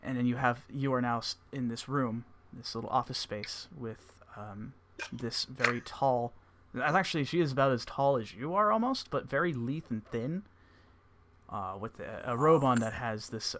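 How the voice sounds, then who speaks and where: A man narrating a tabletop game as game master, halting with many fillers. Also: mid-range voice, a bit bright, slight background noise. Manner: hesitant, many filler words.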